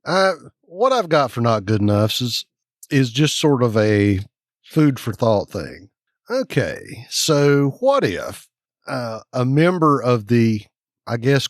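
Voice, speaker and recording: A man's voice: on the low side, dry recording, studio quality. A man co-hosting a casual podcast, speculating and musing aloud. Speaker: podcast co-host.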